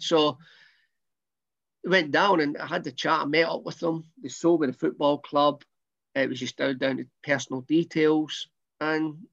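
A man's voice: fairly high pitch, vocal fry, fairly bright tone. A middle-aged Scottish man, a former footballer, recounting his career in a rambling, casual way with many restarts. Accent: Scottish, softened. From Scotland. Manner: rambling, repeats words, restarts often. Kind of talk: casual storytelling interview. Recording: dull lo-fi sound.

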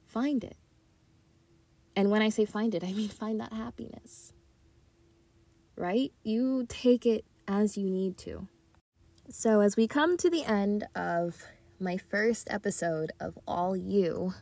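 A woman's voice: mid-range voice, a little slow, darkish tone, no room sound. A young woman hosting her own podcast, chatting casually and encouragingly from her closet into a tablet. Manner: upbeat, encouraging, giddy. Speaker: podcast host. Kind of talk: casual motivational chat. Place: walk-in closet. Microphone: tablet mic.

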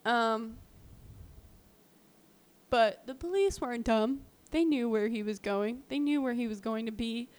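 A woman co-hosting a podcast casually retells a true-crime story, chatty and full of fillers like "um" and "like," acting out the quotes. Her voice is a little high with a darkish tone, unhurried, and marked by long pauses.

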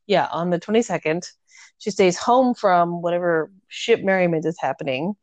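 A woman's voice: on the low side, moderate pace, no room sound. A woman in casual chat, animatedly retelling a novel's plot and acting out the characters' lines with filler words. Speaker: podcast co-host discussing a novel.

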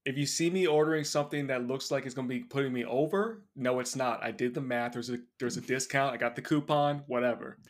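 Male podcast co-host, mid pitch, rambling anecdotes, easygoing. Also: fast, hardly any pauses. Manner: laughing, storytelling with lots of fillers. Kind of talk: casual chat.

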